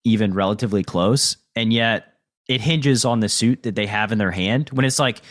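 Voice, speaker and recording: A podcast host and poker coach talks loosely about poker in casual conversation, with lots of fillers and the occasional swear word. His voice is on the low side, at a moderate pace.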